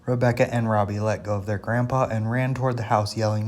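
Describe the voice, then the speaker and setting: A man reading a children's story aloud in a plain, steady way, with small slips and restarts. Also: medium pitch, brisk, few pauses.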